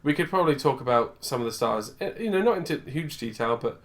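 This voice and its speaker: A man's voice: medium pitch, lively intonation, fast. A man co-hosting a podcast in a rambling, casual chat, tired with a dry, sore throat. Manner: chatty, rambling, self-interrupting. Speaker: podcast co-host.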